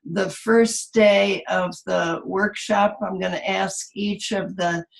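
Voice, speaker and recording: A middle-aged woman teaching a memoir seminar over a video call from home, talking in a halting way with many fillers. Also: medium pitch, steady tone, vocal fry, rough recording. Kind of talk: online video call presentation. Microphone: computer mic on a video call.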